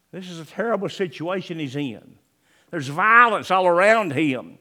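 A man preaching a sermon, swinging between loud emphatic lines and hushed ones, and reading scripture in old-fashioned wording. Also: high voice, animated, normal speed. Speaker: pastor.

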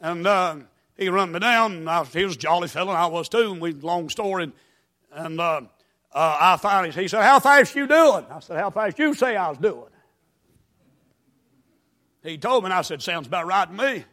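Southern preacher guy, high raspy voice, folksy then hollering, bright sharp tone. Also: fairly quick, pauses often. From North Carolina. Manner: folksy storytelling, breaking into shouted preaching. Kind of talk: sermon.

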